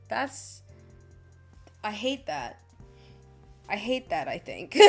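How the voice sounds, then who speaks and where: A woman's voice: medium pitch, expressive, takes it slowly, pauses often, soft background music. A woman streaming her art, chatting casually and muttering exasperated asides to herself, swearing and laughing as she goes. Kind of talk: casual chat while drawing.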